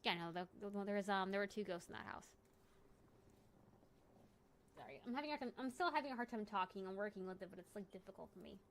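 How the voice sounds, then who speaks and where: A young adult woman streams a game and spins a casual, rambling story full of jokes and self-corrections. Her mid-range voice has lively intonation and a quick pace with frequent pauses, and there's slight background noise.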